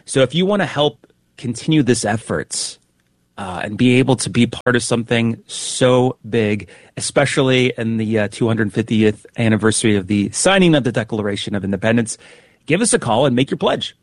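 Brisk radio host man, dry sound. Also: mid-range voice, lively intonation, no echo. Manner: brisk, repeats phone numbers. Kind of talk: radio fundraising appeal.

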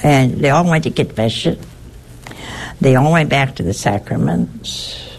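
An older woman, a nun, telling a personal story in a halting way, repeating words and adding chatty asides. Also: a bass voice, lively intonation, darkish tone.

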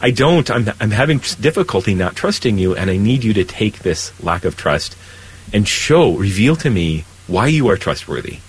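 A man's voice: moderate pace, husky, poor audio. A man, a priest, talking earnestly about faith in a conversational show, his voice lifting when he is moved. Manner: earnest and animated, rising pitch when stirred. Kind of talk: conversational spiritual talk.

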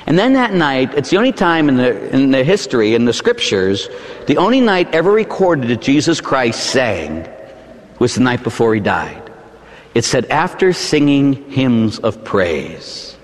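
A man, a Catholic priest, preaching a dramatic sermon that swings from hushed to shouting, in a church. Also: medium pitch, sing-song, normal speed, long reverb tail.

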